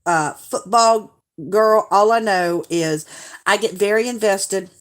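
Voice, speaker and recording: A woman chatting through a live stream. She answers viewer comments one after another, rambles into stories, and laughs easily. Her voice sits in a middle pitch. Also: slow. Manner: chatty, laughs often, talks to viewers directly. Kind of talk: casual live-stream chat.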